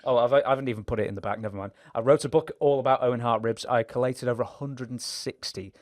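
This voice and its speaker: A man's voice: medium pitch, fairly even intonation, fast, darkish tone, no room sound, studio quality. A man hosting an interview, asking questions and chatting eagerly. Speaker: interview host. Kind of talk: casual interview.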